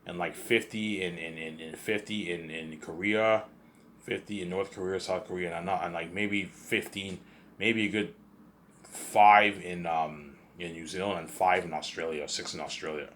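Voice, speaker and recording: A man's voice: low-pitched, fairly even intonation, normal speed, a bit bright, slight background noise. A young Canadian man with a slight Canadian accent, rambling through a casual monologue, repeating words and swearing offhandedly. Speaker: host.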